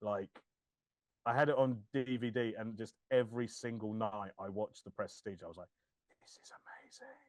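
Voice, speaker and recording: A man's voice: lowish voice, normal speed, no echo. A man, chatting casually as a podcast co-host, laughing and acting out quoted lines. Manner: animated, laughing, swears, acts out quoted lines. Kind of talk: casual chat.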